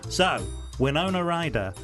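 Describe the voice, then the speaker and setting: A man's voice: fairly high pitch, big pitch swings, unhurried, a bit bright, faint music behind. A man with a London accent, co-hosting a podcast in casual chat, chatty and self-deprecating. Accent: London English. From England. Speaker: podcast co-host.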